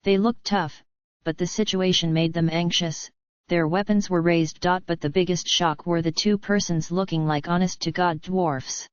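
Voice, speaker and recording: A woman reading a fan story aloud in a steady, even narration, close to the mic. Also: lowish voice, normal speed, smooth, no echo, highs cut off.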